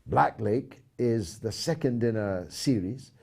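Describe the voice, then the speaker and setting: A man hosting a talk show, reading out poll results and donations with dry, measured asides. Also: mid-range voice, lively intonation, creaky, a little mellow, husky.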